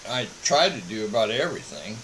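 A man's voice: lowish voice, sing-song, a bit bright, slight background noise, low-quality recording. A man, a missionary broadcasting a casual monologue from home and checking in with "all right?". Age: 70s. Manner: slow, folksy, repeats "all right?".

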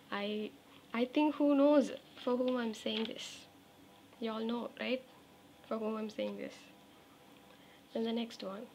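Fairly high-pitched woman teaching English phrases. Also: slight background noise. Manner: repeats example phrases slowly, coaxing check-ins. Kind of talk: spoken English lesson.

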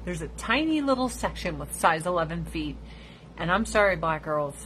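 A woman hosting a casual livestream chat, telling blunt, profane stories and squealing high when she imitates other people. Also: expressive, moderate pace, fairly bright tone, a little hiss or hum, low-quality recording. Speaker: livestream host.

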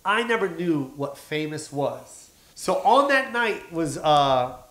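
Male stand-up guest, animated raconteur, slightly high voice, roomy echoey sound. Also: slow. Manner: animated, acts out quotes, frequent swearing. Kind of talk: casual podcast storytelling. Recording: echoey room.

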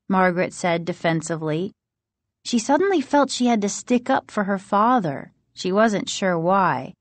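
A woman reads a children's spooky storybook aloud with expressive delivery. She takes an unhurried, slow pace. The recording is dry and close. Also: mid-range voice, no room sound. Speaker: audiobook narrator. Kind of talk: storybook reading.

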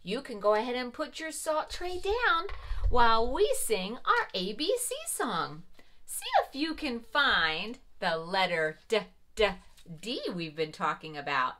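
A woman teaching a preschool lesson to young children, talking slowly in an encouraging, sing-song manner. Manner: slow, sing-song, encouraging, with lively pitch swings.

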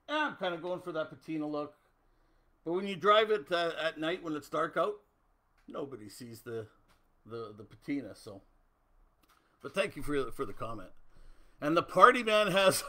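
A man's voice: fairly high pitch, bright, forceful tone. A middle-aged man from Canada hosting a casual livestream, chatting loosely and answering viewer comments. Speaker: host.

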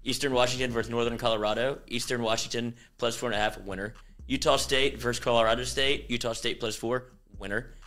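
A man's voice: mid-range voice, steady tone, quick pace, hardly any pauses, a bit bright. Wisecracking man reading betting picks. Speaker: co-host. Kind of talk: casual sports podcast chat.

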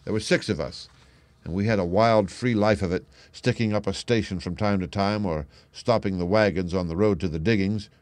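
A man's voice: on the low side, normal speed, darkish tone, dry recording, natural voice. A man reading as a weary, dying old man. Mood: grave. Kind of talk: audiobook reading.

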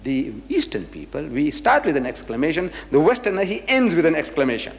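A man's voice: fairly high pitch, big pitch swings, fast talker, hardly any pauses, big-room sound. A man giving a live lecture to an audience. He speaks emphatically, throws rhetorical questions at the crowd, spells out words and chants phrases. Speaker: public lecturer.

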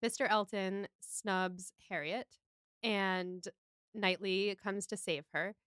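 Smooth-voiced woman recapping a film. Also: medium pitch, steady tone, takes it slowly, a bit bright, no room sound, clean studio sound. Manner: enthusiastic, rambling plot recaps. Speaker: podcast co-host. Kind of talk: casual chat, recapping a film.

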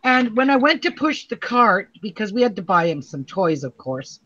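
A woman's voice: medium pitch, sing-song, normal speed, fairly bright tone. A middle-aged woman hosts a casual quilting tutorial at home, chatting and laughing often as she tells stories while she sews. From Canada. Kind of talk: casual craft tutorial chat. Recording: dull lo-fi recording with faint noise.

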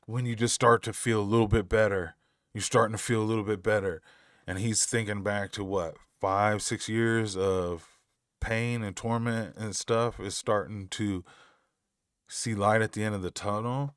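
Deep-voiced American guy reacting. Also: steady tone, moderate pace, fairly bright tone, clear, resonant tone, no room sound, studio quality. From United States. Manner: loose and slangy, swears freely, bursts of amazed exclamation. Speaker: reaction video host. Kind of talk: casual music reaction commentary.

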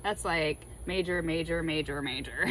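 A woman chatting casually while laying out tarot cards, excitable and full of spiritual musings. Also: sits low, measured pace, a little hiss or hum, rough recording. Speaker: tarot reader.

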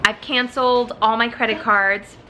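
A young woman telling a story to her phone camera at home in a chatty, animated vlog style. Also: a little high, normal speed, slight background noise. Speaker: vlogger. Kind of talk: casual vlog chat. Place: home apartment.

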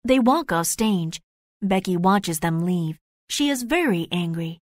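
A woman reading the narration of a graded storybook, slow and clear. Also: on the low side, animated, no room sound, clean studio sound. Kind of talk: scripted narration of a graded reader.

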